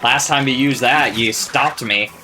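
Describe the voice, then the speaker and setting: A man's voice: mid-range voice, unhurried, sharp tone, faint music behind. A man voicing a smug, thieving male creature in a taunting, offhand way.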